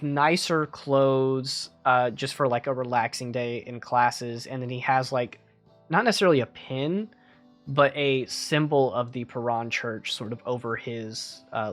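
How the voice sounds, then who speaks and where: A man's voice: mid-range voice, fairly even intonation, a little slow, a bit bright, soft background music. A man narrating as game master of a tabletop game, in loose, casual speech with many fillers.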